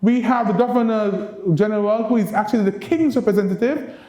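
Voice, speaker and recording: A man from Saint Kitts and Nevis, an ambassador giving a lively university lecture and coaxing the audience to repeat phrases like a teacher. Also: high-pitched, fairly quick, lo-fi sound. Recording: roomy lecture-room echo.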